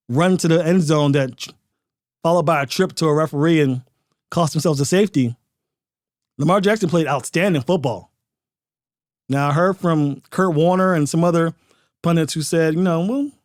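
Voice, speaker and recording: A man with a somewhat high voice delivers opinionated football commentary, punching his points with emphasis and rhetorical questions. The sound is dry and close, with no room around it. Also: dry recording. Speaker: sports podcast host.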